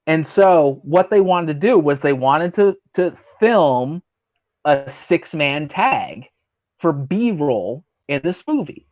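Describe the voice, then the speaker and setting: A man's voice: on the high side, animated, slow pace, darkish tone, dull audio. A man who works as a pro wrestler, guesting on a talk show and telling a rambling, profane story full of fillers while acting out the people he quotes. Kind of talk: casual storytelling over drinks.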